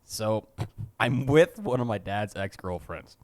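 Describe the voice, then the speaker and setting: A man's voice: fairly low pitch, expressive, slow pace, no echo. Young male co-host, loose rambling storyteller, swears freely. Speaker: podcast co-host. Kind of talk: casual chat.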